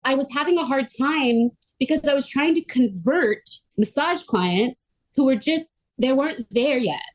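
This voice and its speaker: A middle-aged woman speaking as a podcast guest, earnest and animated. Her voice sits a touch higher than most women's. She talks in long, eager runs, full of casual "like" fillers. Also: a little slow. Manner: earnest and animated, frequent "like" fillers, quotes others in her own voice. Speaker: podcast guest, myofascial release therapist. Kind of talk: conversational interview storytelling.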